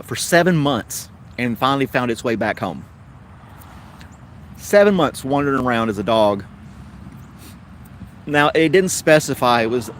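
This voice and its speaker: A man's voice: medium pitch, a little hiss or hum. A man with a Tennessee accent hosting a casual livestream chat, rambling along in an easygoing way. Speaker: host.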